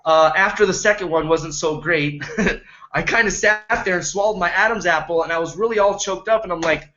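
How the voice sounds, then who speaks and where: High bright-voiced man, earnest and rambling. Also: moderate pace, lo-fi sound. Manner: rambling and earnest, checks in with "right?" and "okay?". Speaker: home business coach. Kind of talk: motivational talk to camera.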